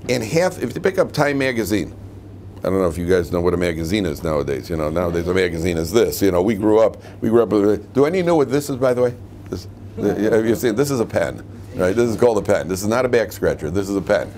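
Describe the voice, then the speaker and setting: Joking rabbi teaching a class. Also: male voice, fairly low pitch, lively intonation, quick pace, a little mellow, slight background noise. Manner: joking, asks the class questions. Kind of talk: humorous classroom lecture. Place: classroom with students.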